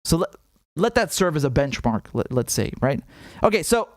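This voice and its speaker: A man's voice: a little high, normal speed, no room sound, studio quality. Blunt, profane male live-streamer. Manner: blunt, profane, animated, with many repeated words. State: has a headache. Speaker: political commentator hosting a live stream. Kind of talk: casual live-stream commentary reading chat.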